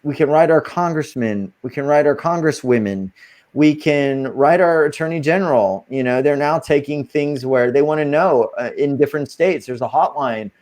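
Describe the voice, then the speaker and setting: A man's voice: fairly high pitch, moderate pace, darkish tone. A man as an interview guest, talking casually and earnestly as he coaches listeners through spiritual steps.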